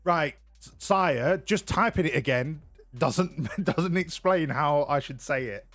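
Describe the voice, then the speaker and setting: A man's voice: fairly high pitch, lively intonation, slow pace, a bit bright, no room sound, faint music behind. A man casually commentating a game on a live stream, joking, swearing and laughing often. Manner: jokey, profane, laughs often.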